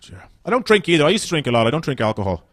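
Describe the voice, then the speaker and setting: A man's voice: on the high side, rapid-fire, no room sound. An Irish man in his thirties doing a stand-up comedy set on a club stage, chatty and swearing as he tells stories. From Ireland. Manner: chatty, swearing, animated storytelling.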